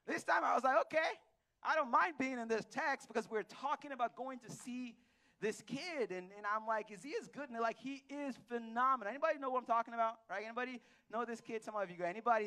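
A man preaching a casual, animated sermon to a church congregation, telling stories and acting out bits of dialogue. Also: sits high. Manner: animated, storytelling with acted-out dialogue and audience questions. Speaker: pastor. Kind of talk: conversational sermon. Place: church hall.

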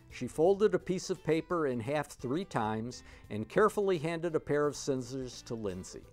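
A man's voice: medium pitch, lively intonation, normal speed, few pauses, soft background music. Man reading a picture book aloud. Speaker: storybook reader.

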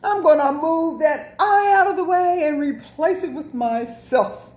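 A woman's voice: high voice, measured pace, a little mellow, voice pushed up. A woman playing the bossy letter Y. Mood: bossy, playful. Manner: boastful, announcing a takeover. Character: the letter Y, bossy and cheerful, pushing vowels aside. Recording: echoey room.

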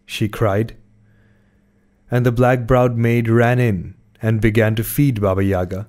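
A man reading a fairy tale aloud as a storyteller, in slow, measured scripted narration. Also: medium pitch, fairly even intonation, darkish tone.

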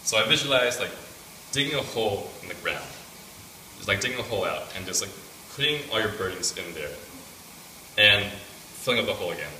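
A man's voice: on the low side, lively intonation, a little fast, pauses often, sharp tone, a little hiss or hum. A young man casually telling a personal faith testimony to a student group, rambling with many fillers. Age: young adult. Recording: echoey room picked up from a distance.

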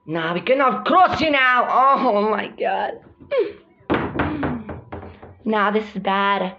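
A woman voicing several girl characters in a hobby drama, exclaiming frantically and swinging between shouts and mutters. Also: mid-range voice, slow, noisy background. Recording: dull lo-fi recording with music behind.

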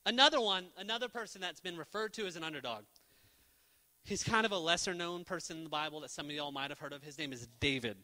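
High bright young man preaching in a reverberant hall. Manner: animated storyteller acting out characters in quick quoted voices; jokey. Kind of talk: casual youth sermon. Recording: long reverb of a church hall.

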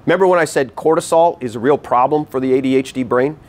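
Animated male workshop presenter. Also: mid-range voice, fast. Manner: animated, acts out voices to demonstrate; repeats key points for emphasis. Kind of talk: live teaching talk to an audience. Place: meeting room with a live audience.

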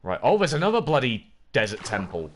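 A man's voice: medium pitch, big pitch swings, fairly quick. Man humming through a game stream. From United Kingdom. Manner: rambling, hums to himself, reads chat aloud. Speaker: livestreamer. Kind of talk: gaming livestream chatter.

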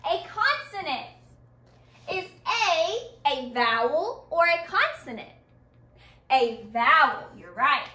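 A woman's voice: sits high, big pitch swings, slow, sharp tone, reverberant, distant mic. A woman teaching children a phonics lesson, asking the class questions and answering them herself with encouragement.

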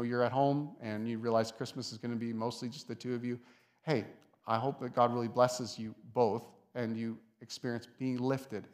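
Pastor guy giving a chatty sermon in church, mid voice, gets louder on the big points. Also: medium pitch. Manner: conversational, with soft asides and lifted emphasis. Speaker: lead pastor. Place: church sanctuary.

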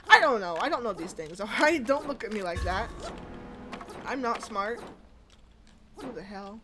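A woman's voice: medium pitch, lively intonation, normal speed, noisy background. A woman giving casual, jokey commentary while playing a game, chatting away and shrieking when startled. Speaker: gaming video host.

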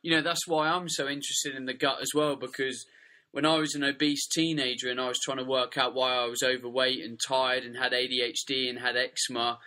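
Man, podcast host, casual interview chat, friendly, bright tone. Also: medium pitch, level tone, a little fast.

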